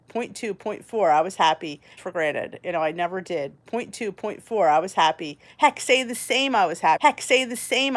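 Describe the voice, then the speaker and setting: A woman in her forties hosts a casual chat in an everyday middle-pitched voice. She talks in a chatty, rambling, candid way, with plenty of restarts. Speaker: host.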